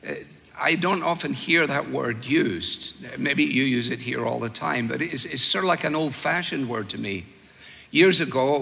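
An older man preaching a sermon, telling stories with wry humor and slow, weighed emphasis. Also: mid-range voice, creaky, bright, forceful tone, big-room sound.

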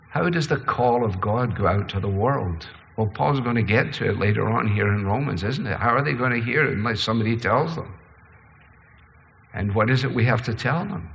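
Gravelly-voiced man preaching a sermon. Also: fairly bright tone, long reverb tail. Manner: preaching with sweeping pitch and pace changes. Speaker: pastor.

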